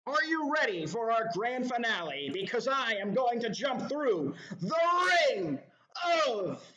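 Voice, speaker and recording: A man's voice: extremely high pitch, big pitch swings, unhurried, fairly bright tone, pitched above the performer's own voice, exaggerated voice. Man doing a pompous circus ringmaster. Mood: grandiose. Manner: pompous showman flourish. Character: tall prim svelte male circus ringmaster. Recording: echoey, dull lo-fi.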